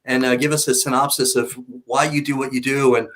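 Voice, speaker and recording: A man hosting a live talk show, excitable and hyped, introducing his guest. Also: mid-range voice, fairly quick. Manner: excitable, hype-filled. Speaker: host.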